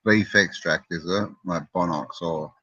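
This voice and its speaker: A low-voiced man co-hosting a casual online chat show, teasing his friends and calling out hellos to viewers. His voice is close and dry, with dull lo-fi sound. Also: unhurried, bright, forceful tone, no room sound. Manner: joking, teasing, greets viewers. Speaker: co-host. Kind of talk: casual live-stream chat.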